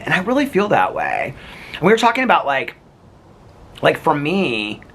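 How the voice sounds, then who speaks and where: A man's voice: a little high, wildly swooping pitch, moderate pace, long pauses, a bit bright, a little hiss or hum. A man talking to camera in a casual, reflective vlog, rambling with lots of restarts and fillers. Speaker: vlogger.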